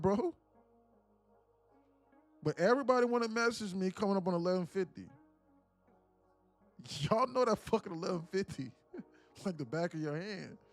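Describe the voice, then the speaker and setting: A man live-streaming his day trading, bantering loosely with chat in slangy, joking talk and cursing freely. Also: sits high.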